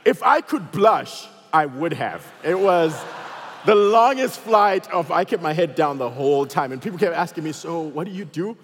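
A man pastor preaching a sermon and telling personal stories, swinging between loud bursts and quiet moments. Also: a little high, lively intonation, normal speed, big-room sound, slight background noise.

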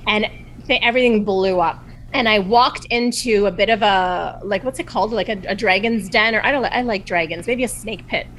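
A woman in casual conversation as a podcast guest, telling a personal story in a chatty, animated way full of fillers. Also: medium pitch, normal speed, a little hiss or hum, low-quality recording. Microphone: video call.

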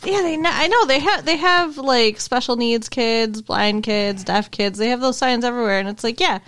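A woman's voice: a little high, moderate pace, a bit bright, clean tone. A woman co-hosting a casual podcast, giving dry, teasing replies to her co-host.

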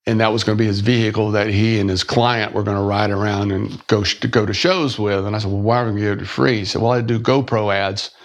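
A middle-aged man, telling a personal story as a podcast guest, halting and restarting his words and acting out the people he quotes. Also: fairly low pitch, steady tone.

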